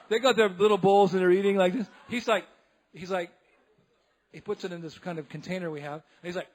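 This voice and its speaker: A man, a monk, giving a humorous storytelling lecture in a temple, animated and laughing often as he acts out the people in his tale. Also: high voice, fast. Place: temple hall.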